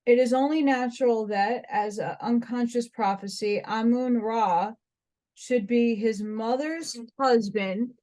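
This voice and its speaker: A woman's voice: fairly high pitch, a little mellow. An American woman reading a dense old book aloud, stumbling over hard words and restarting them. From United States. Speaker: reader.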